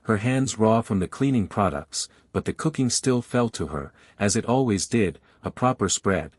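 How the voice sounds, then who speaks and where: An older man, narrating a first-person family story in a measured, reflective way. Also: fairly low pitch, lively intonation, no room sound, clean studio sound.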